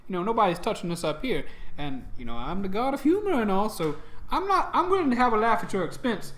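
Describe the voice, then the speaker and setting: A man's voice: high voice, sing-song, fast talker, fairly bright tone, pitched above the performer's own voice. A man doing a teasing gnome god of jokes. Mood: playful. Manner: chummy, rambling, teasing. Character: mischievous male gnome god of humor, jokey. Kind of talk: improvised tabletop game voice.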